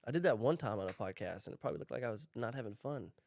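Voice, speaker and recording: A tired man hosting a casual podcast, easygoing and quick to laugh, asking short questions. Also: medium pitch, expressive, gravelly, darkish tone. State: tired, yawning. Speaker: podcast host.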